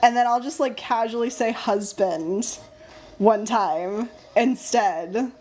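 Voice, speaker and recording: A young woman hosting a casual live stream, chatting with viewers while she draws, bubbly and easily excited. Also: a little high, takes it slowly. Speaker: live-stream host and sticker artist.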